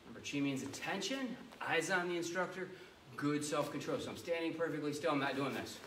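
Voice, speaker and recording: Man, martial arts instructor, kids' class, higher voice, echoey room, heard from a distance. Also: fast talker, slight background noise. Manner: energetic, commanding, playful coaching.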